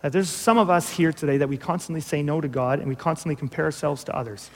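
High-voiced preaching man in a reverberant hall. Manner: earnest, emphatic preaching with dramatic pauses. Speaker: pastor. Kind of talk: sermon.

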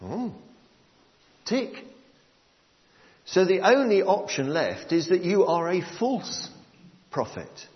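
A man preaching a sermon, explaining a Bible passage to his congregation in a measured way. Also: sits high, huge pitch swings. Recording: long hall reverb, dull lo-fi sound.

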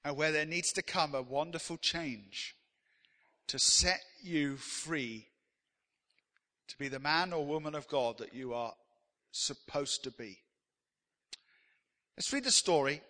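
Emphatic preacher with a ringing voice. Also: male voice, on the high side, bright, forceful tone, long reverb tail. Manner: emphatic, leads the congregation in call-and-response. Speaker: pastor. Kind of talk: sermon.

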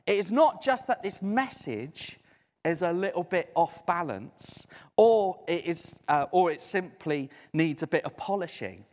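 A man preaching a conversational sermon in a church hall, lively and emphatic. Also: high voice, a little slow. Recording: echoey hall.

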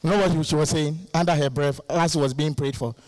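A male guest preacher giving a lively sermon, laughing often and calling out to the congregation for responses. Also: fairly high pitch, fairly quick, dry recording.

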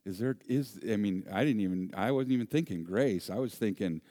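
A middle-aged pastor with a very low voice tells a story from the pulpit. He is animated and funny, and he acts out voices and sound effects as he goes. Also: brisk, hardly any pauses, dry recording, clean studio sound. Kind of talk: sermon storytelling.

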